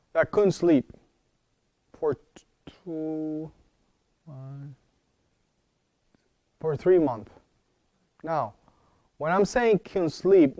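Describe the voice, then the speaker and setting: A man's voice: on the high side, a little mellow, dry recording. A man teaching a wellness class in an informal, explanatory way and often checking in with his audience. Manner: explanatory, asks the audience questions. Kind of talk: informal lecture. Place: wellness center talk.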